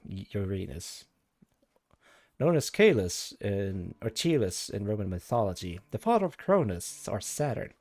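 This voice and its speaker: A man's voice: fairly low pitch, darkish tone, dry recording. A man streaming live, chatting casually and thinking aloud as he rambles through tangents with his viewers.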